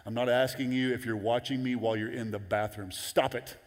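A man preaching a sermon as pastor, animated and conversational, jumping into high excited voices when quoting. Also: fast. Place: large church auditorium. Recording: long hall reverb.

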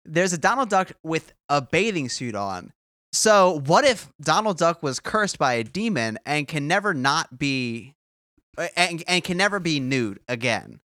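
A man with a bright, lively voice that swings up and down chats on a comedy podcast. The sound is dry and close, and he laughs easily as he riffs. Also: a little high, dry recording. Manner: animated, giggly, quick to laugh. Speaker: podcast co-host. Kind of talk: casual comedic chat.

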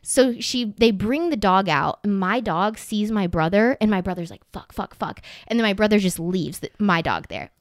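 A woman's voice: medium pitch, normal speed, few pauses, no echo, clean studio sound. A young woman telling a funny story in casual chat, swearing freely and sprinkling in "like". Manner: animated storytelling, swears freely, many "like" fillers.

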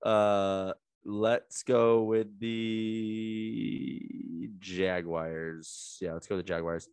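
A man's voice: on the low side, fairly even intonation, very slow, darkish tone, clear, resonant tone. A man co-hosting a casual sports podcast, goofy and full of riffs. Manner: goofy, riffs with jokes and mock accents. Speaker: podcast co-host.

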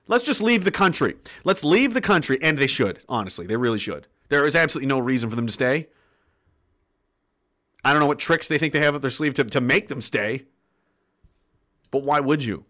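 Angry high-pitched ranting man. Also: bright, forceful tone. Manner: angry, swearing, sarcastic mock quotes. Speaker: political commentary streamer. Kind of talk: ranting livestream commentary.

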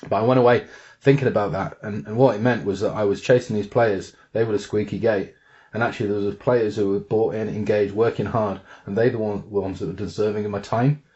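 A man's voice: on the low side, steady tone, brisk, darkish tone. A man who works as a coach, thoughtfully explaining his approach in an interview, repeating words as he thinks. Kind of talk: reflective interview answer. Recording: dull lo-fi sound.

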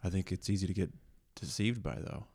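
A man in casual chat, making a slow, reflective point. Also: sits low, a little mellow, breathy edge, dry recording.

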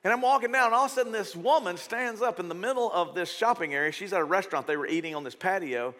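A man's voice: high-pitched, fast talker, a bit bright. A middle-aged man, preaching a sermon in a conversational, storytelling way with strong emphasis. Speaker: pastor. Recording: reverberant church hall.

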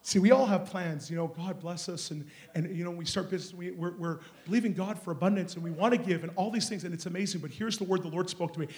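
Male preacher, high voice, storytelling sermon with hushed and loud swings. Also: quick pace, hardly any pauses. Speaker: guest preacher. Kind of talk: charismatic sermon. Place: church sanctuary.

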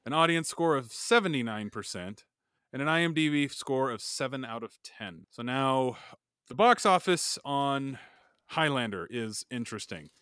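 Bright-voiced man joking through film facts. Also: mid-range voice, expressive, moderate pace, clean tone, dry recording, studio quality. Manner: jokey, laughs between facts. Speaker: podcast co-host. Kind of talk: casual chat, reading film facts.

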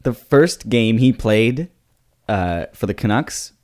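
A man co-hosting a casual comedy podcast, teasing his partner in a dry, deadpan way. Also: on the low side, slow. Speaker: podcast co-host.

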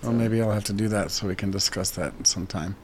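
Animated, cursing male podcast co-host. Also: on the low side, quick pace. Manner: animated storyteller, swears freely. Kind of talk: casual chat.

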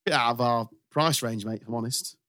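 A man's voice: medium pitch, a little fast, bright, forceful tone, dry recording, clean studio sound. A man hosting a casual football podcast chat, bantering and laughing often. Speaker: podcast host.

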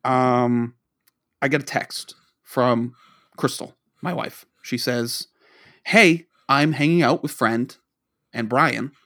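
A man's voice: mid-range voice, fairly even intonation, slow, fairly bright tone. A man from the Boston area, co-hosting a podcast and telling a long rambling story, acting out the dialogue he quotes. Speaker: podcast co-host. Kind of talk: casual storytelling.

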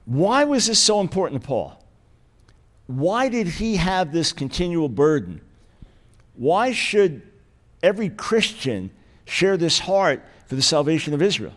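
A man's voice: fairly high pitch, sing-song, measured pace. A man as guest preacher delivering a sermon, emphatic and repeating key words for weight.

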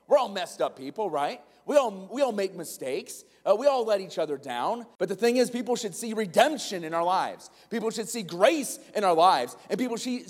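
Pastor, male, emphatic sermon delivery, high voice, echoing hall. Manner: emphatic, plays out little scenes.

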